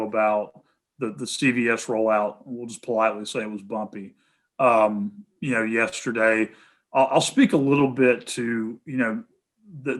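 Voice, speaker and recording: A man with a Tennessee Southern accent, a guest speaker taking questions over a video call in an earnest, halting way. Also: mid-range voice, a bit bright. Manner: many fillers and restarts, earnest. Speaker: guest speaker, healthcare association head.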